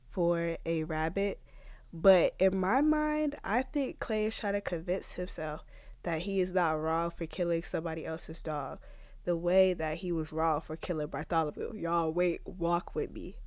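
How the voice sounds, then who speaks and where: A young woman casually recapping episodes of a show in a chatty, rambling, animated way, with slangy asides. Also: fairly low pitch, a little slow. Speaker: TV show reviewer. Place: home, recording while doing makeup.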